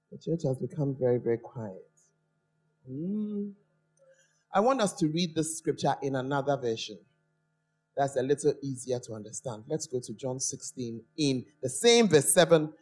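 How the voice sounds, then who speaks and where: A preacher delivers a sermon in a church, drawing out important words and turning to the congregation with questions. The pitch is mid-level but very lively, rising and falling across wide swings. Faint music sits underneath. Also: a little slow, pauses often. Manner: animated, questions the congregation and stretches key words.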